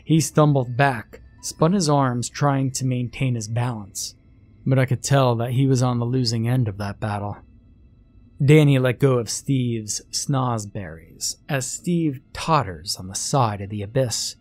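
Brief: husky male horror narrator, slow and wry, dry close voice-over. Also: mid-range voice, darkish tone, dry recording, faint music behind. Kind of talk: first-person horror story narration.

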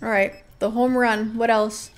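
A woman's voice: a little high, little pitch movement, measured pace. A woman livestreaming a game, chatting offhand with her viewers, reading out items to herself and swearing casually. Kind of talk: casual live-stream chat while gaming.

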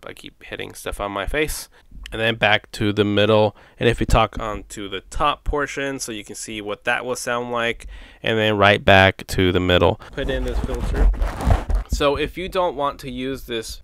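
A medium-pitched man with a clean tone, recorded dry with clean studio sound, reviews a USB condenser mic at home. He tries out its settings in a relaxed, chatty way, thinking aloud, and his distance from the mic keeps varying.

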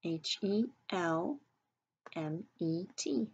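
Slow, husky woman teaching a reading lesson. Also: lowish voice, expressive, highs cut off. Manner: slow, clear enunciation, sounding out syllables and letters.

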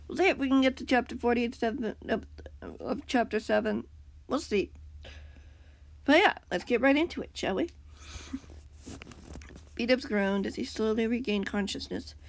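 Brief: woman narrating a fan story, somewhat high pitch, gravelly edges, trips and corrects herself. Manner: casual reading with slips and self-corrections. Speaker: fan fiction reader. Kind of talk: reading a story aloud.

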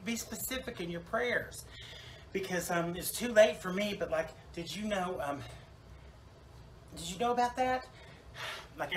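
A man's voice: on the high side, a bit bright, a little hiss or hum, low-quality recording. A man voicing a chatty, self-absorbed woman salon owner newly dead in heaven, rambling with fillers and restarts in a comic church monologue. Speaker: preacher in character.

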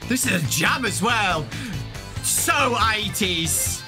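A young British man giving excitable let's-play commentary, often shouting and exclaiming. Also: high-pitched, measured pace, over music. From Britain. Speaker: gaming YouTuber.

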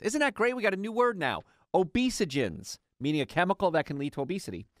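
Lively storytelling male radio host. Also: on the high side, dry recording, clean studio sound. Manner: animated storytelling, acts out patients' lines. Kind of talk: conversational radio health talk.

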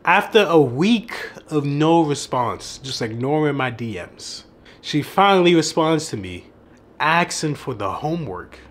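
A man's voice: fairly high pitch, animated, measured pace. A young man who coaches on dating, telling a story in a casual vlog, laughing often and swearing freely.

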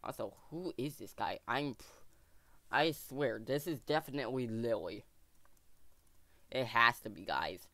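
A man hosting a let's play video, thinking aloud to his viewers in a jokey, excitable way. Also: medium pitch, unhurried, long pauses, no room sound. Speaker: gaming channel host.

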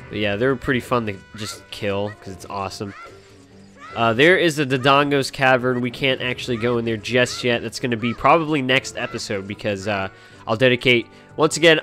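Rambling, profane game commentator. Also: male voice, mid-range voice, fairly bright tone. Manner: rambling, profane, joking, many fillers. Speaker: gaming channel host. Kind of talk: casual let's play commentary. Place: at home.

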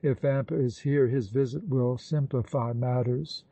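A man reading the lines of a confident, imperious nobleman in an audiobook, in a calm and assured manner. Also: medium pitch, unhurried, slightly rough, no room sound, lo-fi sound. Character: commanding confident nobleman, the Count.

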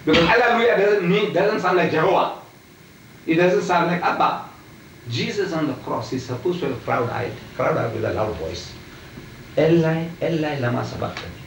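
A man's voice: a little high, animated, moderate pace, slight background noise. An older man in a heated religious debate, emphatic and repetitive, pressing his listeners with questions. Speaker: debating preacher. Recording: roomy and distant, faint ambience.

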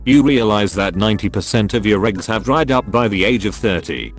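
Low-voiced man reading texts wryly. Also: animated, fairly quick, soft background music. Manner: wry, reads messages aloud then comments dryly. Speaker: narrator of meme videos. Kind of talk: reading out text messages with comic asides.

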